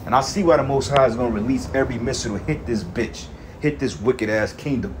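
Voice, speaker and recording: Over a noisy background, a mid-range male voice delivers heated, foul-mouthed scripture teaching, tacking "man" and "okay" onto his lines. He reads the verses aloud at a steady, measured pace.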